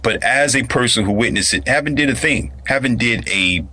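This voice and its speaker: A man's voice: medium pitch, a little fast, sharp tone. A man giving a blunt, preachy motivational monologue, repeating himself and using street slang. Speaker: motivational speaker.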